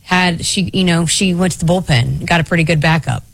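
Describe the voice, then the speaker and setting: A woman's voice: fairly low pitch, a little fast, gravelly, no room sound. Chatty woman radio co-host, dry studio sound. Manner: chatty, laughs easily, trails off mid-sentence. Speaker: radio sports show co-host. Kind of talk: casual studio banter. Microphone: studio microphone.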